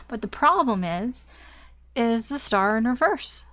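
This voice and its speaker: A woman's voice: mid-range voice, lively intonation, normal speed, fairly bright tone. Chatty woman giving a casual tarot reading. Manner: chatty, rambling, with fillers and mild swearing. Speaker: tarot reader.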